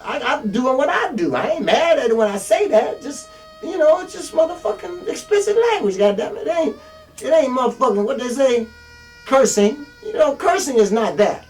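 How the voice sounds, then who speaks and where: Foul-mouthed preacher, wildly lively delivery. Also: male voice, moderate pace, far from the mic, faint music behind. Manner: blunt, heavy swearing, swings from shouted peaks to low mutters. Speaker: street preacher. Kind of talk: profane motivational sermon.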